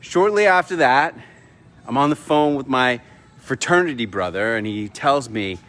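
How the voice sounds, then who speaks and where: A middle-aged man hosting a casual vlog from his home, telling a personal story with lively delivery and acted-out dialogue. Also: medium pitch, moderate pace. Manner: animated storyteller, acts out quoted dialogue. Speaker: vlog host. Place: home in Mexico.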